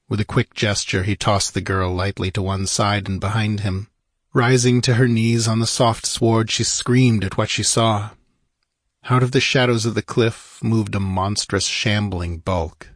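A man narrating an audiobook in a measured, grave manner with a husky voice. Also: fairly low pitch, no room sound, studio quality.

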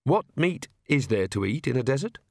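A man's voice: mid-range voice, sing-song, normal speed, gravelly. A man voicing a blunt, matter-of-fact young woman, close to his own voice.

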